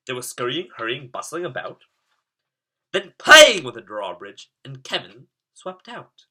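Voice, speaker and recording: Guy reading a rhyming storybook, sing-song, swoops all over, husky bright voice. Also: medium pitch, wildly swooping pitch, unhurried. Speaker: storybook reader.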